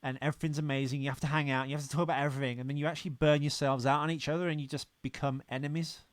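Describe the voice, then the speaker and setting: A man's voice: on the high side, little pitch movement, rapid-fire, no echo. A man co-hosting a podcast, making dry, teasing provocations in casual chat. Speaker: podcast co-host.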